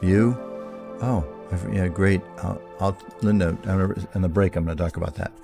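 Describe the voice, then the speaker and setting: A male radio host with a low voice talks to his listeners in a loose, rambling way, often backing up to restart his sentences. Faint music sits under his voice. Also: steady tone, brisk, gravelly. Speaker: radio talk show host. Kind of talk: casual spiritual talk to listeners.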